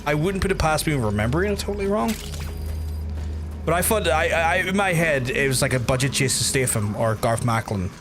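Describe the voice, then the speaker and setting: A man with a fairly high, expressive voice talks briskly into a close mic over background noise. Playing a video game on stream, he rambles, swears, and chats with his viewers in asides.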